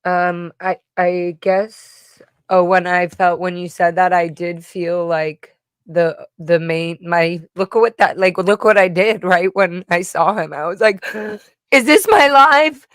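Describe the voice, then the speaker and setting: A woman guest chatting on a livestream, emotional and halting, often restarting her sentences. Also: on the low side, flat delivery, clean tone, dry recording, studio quality. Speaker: guest musician and streamer. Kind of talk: casual livestream chat.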